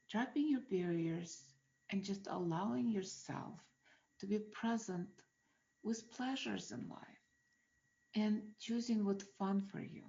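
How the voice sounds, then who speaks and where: Woman host, slow and reflective self-help talk, rhetorical questions, dull lo-fi sound. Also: medium pitch. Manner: asks many gentle rhetorical questions.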